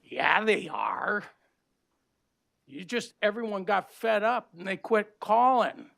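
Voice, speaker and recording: An older man from Minnesota giving an aggrieved, blunt public comment at a county board meeting, plain-spoken with rough grammar. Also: high-pitched, sing-song, slow, sharp tone. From Minnesota, USA.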